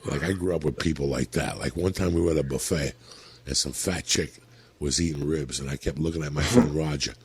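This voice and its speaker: Gravelly man telling wild stories. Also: a bass voice, a little fast. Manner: gravelly, animated, profane. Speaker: comedian telling stories on a podcast. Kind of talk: profane storytelling.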